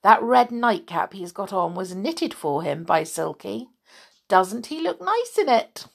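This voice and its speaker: A cheerful young boy who knows his way around, brisk and a bit bossy, his voice bouncing up and down, as a woman reads him. A storybook voice, slow and clear. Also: mid-range voice, sing-song, heavily acted. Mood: explaining.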